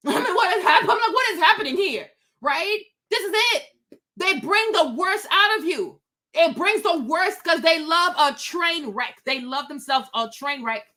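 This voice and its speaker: Woman, livestream host, high voice, bright tone, emphatic, repeats rhetorical questions, talking outdoors. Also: animated, a little slow. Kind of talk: opinionated livestream commentary.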